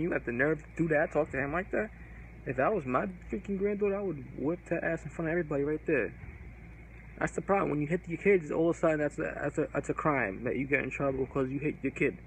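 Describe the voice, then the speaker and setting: A man vents on his vlog in an angry, profane rant, circling back to the same complaints again and again. His voice sits a little high for a man, and a faint hiss of noise runs under the recording. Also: rough recording. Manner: angry, profane, repetitive ranting. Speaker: vlogger. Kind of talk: casual ranting to camera.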